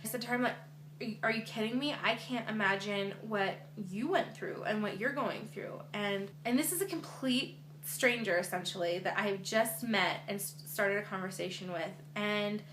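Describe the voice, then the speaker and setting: A young woman vlogger with a medium-pitched, somewhat bright voice talks earnestly to her camera in a casual way, using lots of fillers. The room sounds echoey, with a faint hum underneath.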